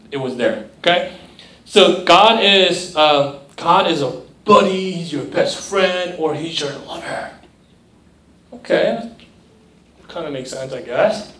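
A young man gives a casual, chatty sermon to a youth group in a high voice, always checking in with the listeners. He is recorded from across an echoey room, some way from the mic. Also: distant mic. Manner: conversational, asks the crowd "right?" often, mimics voices. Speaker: youth pastor.

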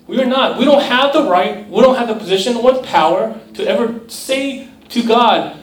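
Young guy preaching to a youth group, high voice, keeps going "right?", sounds roomy and far from the mic. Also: moderate pace. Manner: conversational, asks the crowd "right?" often, mimics voices. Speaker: youth pastor. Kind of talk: sermon. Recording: echoey room, mic at a distance.

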